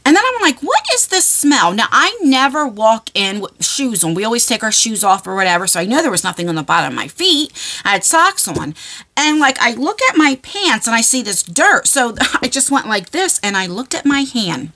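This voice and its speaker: Middle-aged lady rambling through a story, higher voice, bright and lively, lots of "like" and "okay?". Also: normal speed. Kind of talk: casual storytelling.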